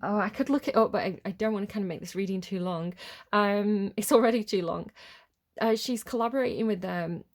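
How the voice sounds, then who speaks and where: A woman chatting through a tarot reading in a loose, rambling way. She wanders off on tangents and apologizes for them, then settles back into reading card meanings at an unhurried pace. Her voice sits at an ordinary middle pitch. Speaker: tarot reader. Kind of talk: casual tarot reading to camera.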